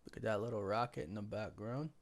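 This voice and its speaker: A man's voice: lowish voice, steady tone, fast. A man hosting a casual live stream from home on a desk microphone, with a weak voice today, chatting and greeting viewers by name. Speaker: livestream host.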